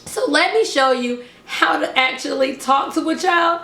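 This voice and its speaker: A young woman who teaches preschool speaks to parents in a high, bright voice. She talks slowly and over-enunciates each word, keeping the tone upbeat. The sound carries a roomy echo. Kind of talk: instructional talk to camera.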